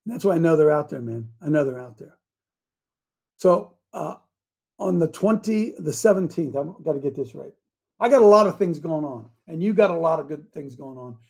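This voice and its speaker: A high-pitched man rants like a preacher on his own talk show. He drops into low, muttered asides and then climbs into shouting runs. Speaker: radio show host. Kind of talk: fiery talk-show monologue.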